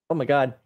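A co-host in casual chat, reading entries from a game book aloud with playful asides and frequent laughter. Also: phone-quality sound.

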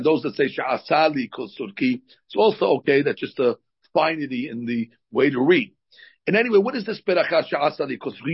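A man's voice: on the high side, slightly rough. A man, a rabbi, teaching a religious lesson in a conversational, explanatory way with personal stories. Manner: explanatory, conversational, with frequent fillers. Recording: dull lo-fi recording.

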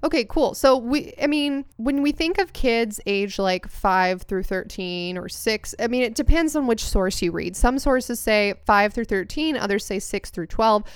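Young woman podcaster, kinda high, super smooth voice, dry close sound, rambly and sweary. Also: animated, measured pace, hardly any pauses, dry recording. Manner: rambling storyteller, swears casually. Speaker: podcast co-host. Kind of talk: casual chat.

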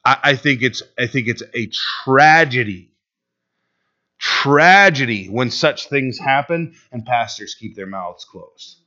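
A male pastor preaching a sermon, swinging between loud and hushed delivery and acting out quotes. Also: medium pitch, expressive, slow, dull audio.

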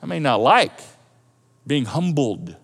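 A male pastor preaching a sermon in a lively, conversational way and often repeating himself. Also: a little high, takes it slowly, creaky, breathy edge. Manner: animated, conversational preaching with repetitions. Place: church auditorium. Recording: echoey hall.

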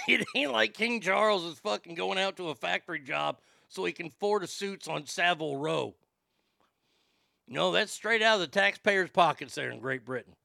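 A man hosting his own podcast, reading listener mail in a profane, excitable, rambling way. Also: high-pitched, moderate pace, vocal fry, no room sound, clean studio sound. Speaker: podcast host.

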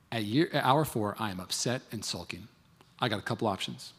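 A man's voice: lowish voice, brisk, fairly bright tone, husky. A man in his thirties preaching a sermon, telling a marriage story and acting out both sides of it. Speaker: pastor. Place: large church hall. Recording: long hall reverb.

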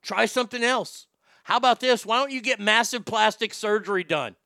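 A man's voice: high voice, moderate pace, pushed and bright, no echo, studio quality. A man hosting a show, giving a profane, combative and sarcastic rant about celebrities. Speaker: host. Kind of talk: ranting celebrity commentary.

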